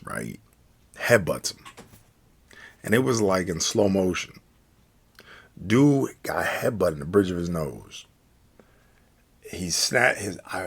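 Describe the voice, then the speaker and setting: An American man telling a story from a night out in a casual, slangy, animated way. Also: low voice, gravelly, breathy edge. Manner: animated, slangy, acts out quoted speech. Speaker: storyteller, channel host.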